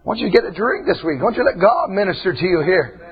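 Husky shouting preacher man, folksy. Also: very animated, fast talker. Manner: swings from quiet talk to high shouting, folksy. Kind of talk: fiery sermon. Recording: dull lo-fi church recording.

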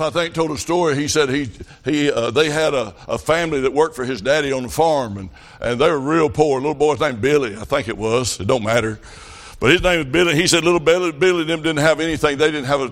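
A man's voice: on the high side, a little fast. A middle-aged man preaching a revival sermon, telling folksy stories that rise to fervent calls.

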